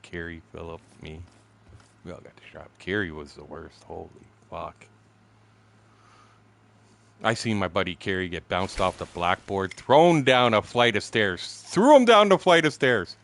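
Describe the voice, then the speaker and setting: A man in his sixties telling profane stories casually while streaming a fishing game, acting out shouted quotes. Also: sits low, normal speed, vocal fry. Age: 60s. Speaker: gaming streamer. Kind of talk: casual storytelling while gaming.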